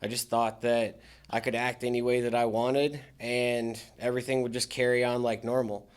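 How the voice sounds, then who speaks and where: A man's voice: mid-range voice, flat delivery, moderate pace, clean tone. Guy on a podcast, plain mid voice, candid, kinda sarcastic, talks easy. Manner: frank, dry sarcastic humor. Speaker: podcast guest, military veteran in recovery. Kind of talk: candid casual interview talk.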